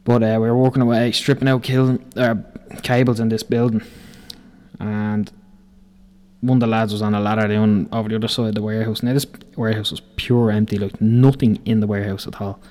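Young irish guy rambling site stories, lots of swearing, lowish warm voice. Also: level tone, brisk. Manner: rambling, profane, laughs through his stories. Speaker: podcast host. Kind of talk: casual storytelling.

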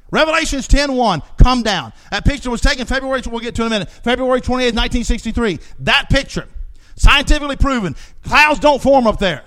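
A man preaching a sermon with a strikingly high voice. He drives his points home through heavy repetition, dropping into hushed asides and then rising to fervent shouts. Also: brisk. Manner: emphatic preaching, repeats words for stress, swings from hushed to shouting.

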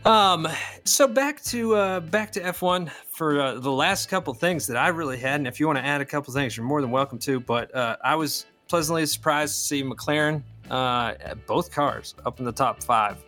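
A man chatting on a casual podcast, his voice bright and forward. He rambles through fillers and restarts, teasing his co-host, with faint music under the talk. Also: on the high side, moderate pace.

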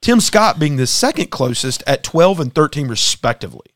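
A man's voice: a little high, very animated, normal speed, a bit bright, no room sound. Wisecracking man on a dry mic. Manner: wisecracking, chiming in. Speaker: podcast co-host. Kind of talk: casual political chat.

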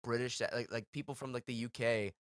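A man's voice: medium pitch, steady tone, a little fast, no echo, studio quality. A man co-hosting a podcast in casual chat, rambling with many fillers. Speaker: podcast co-host.

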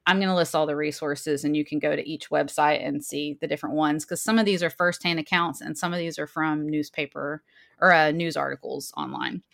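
Low-pitched female podcast host, casual and chatty, mixes reading with commentary. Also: lively intonation, a little fast, vocal fry, a bit bright. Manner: chatty, reading quoted passages with asides.

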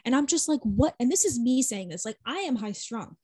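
Her voice a little high, fairly quick and slightly rough, a young woman co-hosts a podcast with no echo on the recording. She's an animated storyteller in casual chat, full of swearing and "like".

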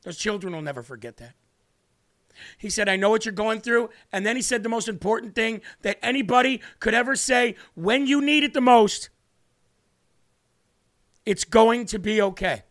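High, bright-voiced man tearing up. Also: brisk. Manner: earnest, repetitive, tearful emphasis. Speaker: livestream host. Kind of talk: emotional political commentary.

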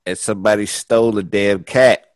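A man's voice: fairly low pitch, steady tone, moderate pace, background noise. A man in a casual chat, laid-back and reacting with brief replies.

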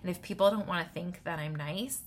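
A woman in her thirties with a slightly low voice, talking casually through self-help rules. Her delivery is loose and chatty, full of "um" and "like". She often ends a point with "right?" to check in with the listener. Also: a little fast, slight background noise. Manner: conversational, tags points with "right?"; loose, with many fillers. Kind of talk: casual advice talk.

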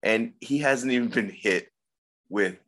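A man's voice: mid-range voice, a little slow, fairly bright tone. A man co-hosting a podcast, telling stories with sarcasm and profanity. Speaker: podcast co-host. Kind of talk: casual wrestling podcast chat.

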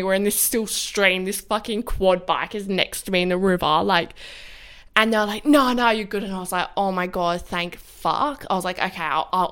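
A woman's voice: medium pitch, a bit bright, clean tone. A young woman, a podcast co-host telling a story in casual chat, rambling and swearing a lot.

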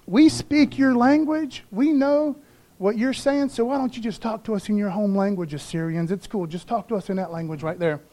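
A man voicing calm Judean court officials who coax their enemies softly and casually. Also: sits high, normal speed, close to an everyday voice.

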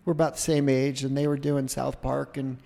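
Gravelly middle-aged man telling a rambling story. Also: medium pitch, fairly quick, in a large hall. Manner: rambling, animated anecdote with self-interruptions. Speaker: podcast guest. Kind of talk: casual storytelling.

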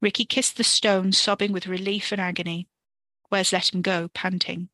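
A woman reading a story for a podcast in a steady, expressive way. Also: medium pitch, moderate pace, dry recording. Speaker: podcast narrator.

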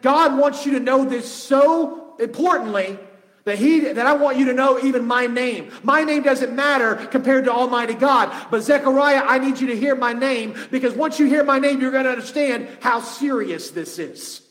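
A man preaching, voicing a high-ranking male angel who speaks sternly and insistently. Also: a bit bright. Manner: stern, insistent, slow emphasis. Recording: long reverb of a large hall.

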